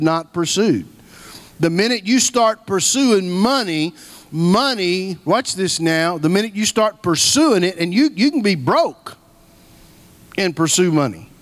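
High-voiced man preaching a folksy sermon. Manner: storytelling, folksy, repeats key phrases for emphasis. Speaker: guest preacher.

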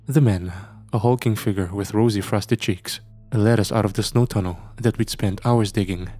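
Husky-voiced man narrating a horror story. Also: lowish voice, moderate pace, mellow, soft background music.

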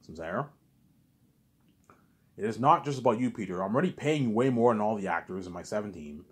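A man's voice: on the low side, lively intonation, fast talker, husky. A man rambling through a casual monologue, repeating himself and drifting into talking to himself. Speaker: vlogger.

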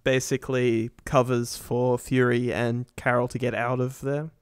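A man with a smooth, clear voice, recorded dry and close, chats eagerly about a film on a podcast. He swears casually and laughs often. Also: mid-range voice, little pitch movement, unhurried, dry recording. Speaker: podcast co-host. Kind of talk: casual movie discussion.

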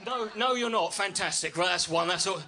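A man's voice: high-pitched, fairly quick, bright, forceful tone, a faint crowd. Brash, sweary male stand-up comic. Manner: brash, sweary, self-mocking. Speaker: stand-up comedian. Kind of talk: stand-up routine. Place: comedy club stage with audience.

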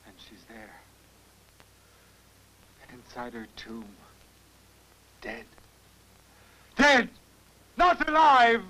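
An actor in a dubbed film playing a distraught young man who pleads and accuses and breaks into anguished shouts. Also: fairly high pitch, lively intonation, normal speed, pauses often, slight background noise, rough recording. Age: young adult. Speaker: young man confronting a professor.

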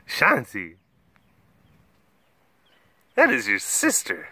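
A man's voice: medium pitch, lively intonation, unhurried, long pauses, fairly bright tone, no room sound. A man keeping big cats at an animal facility, chatting casually and cooing at them in gushing baby talk. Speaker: big cat keeper and video host. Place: outdoors at a wild animal facility.

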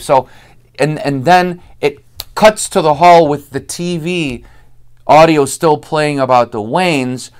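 A man's voice: mid-range voice, clear, resonant tone. A man casually chatting about a film, rambling and acting out lines as he goes. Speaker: host. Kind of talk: casual chat.

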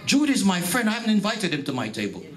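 A man's voice: high voice, wildly swooping pitch, fast talker, crowd noise. A Jamaican-born man preaching a sermon to his congregation, emphatic and repeating his phrases, calling out to the listeners. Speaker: pastor. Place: church hall.

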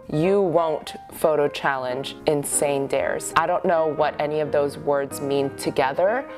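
A woman working as a pointe shoe fitter gives gushing, easily amazed commentary on a video for a reaction vlog. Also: sits low. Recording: music playing under the voice.

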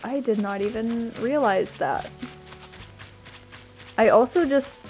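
Slow-talking woman gushing over a game island. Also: on the high side, a little mellow, soft background music. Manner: gushing, easily delighted, chatty. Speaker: streamer touring a game island. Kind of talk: casual gameplay commentary.

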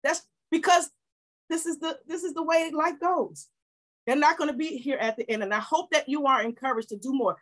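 Bright high-voiced woman preaching. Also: normal speed, low-quality recording. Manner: exhorting, repetitive, rising to shouts. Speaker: pastor. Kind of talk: sermon.

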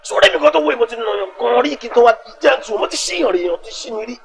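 A brash street gang leader with a Nigerian accent. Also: male voice, very high voice, lively intonation, very fast, creaky, crowd noise, heavily acted, rough recording. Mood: boastful. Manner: brash street talk, mixes Yoruba and Pidgin. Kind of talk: Nollywood film acting.

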